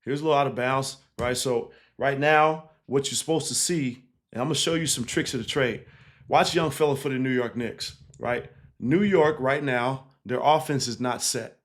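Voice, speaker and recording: A man, a basketball coach, casually breaking down game film, animated and laughing easily, tagging points with 'right?'. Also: mid-range voice, normal speed. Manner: animated, keeps checking in with 'right?' and 'again'; laughs easily while explaining.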